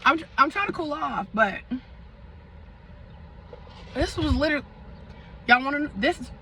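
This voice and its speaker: A young woman vlogger tells a dramatic storytime with lots of slang and side comments to her audience. Her voice sits high and sounds sharp and bright. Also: moderate pace, low-quality recording. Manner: animated, dramatic storytelling with slang and asides to viewers. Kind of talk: storytime vlog.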